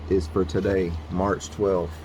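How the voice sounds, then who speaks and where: A man telling a story in a casual, rambling way with halting restarts, then reading a devotional aloud indoors. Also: low voice, level tone, a little mellow, slight background noise. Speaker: vlogger.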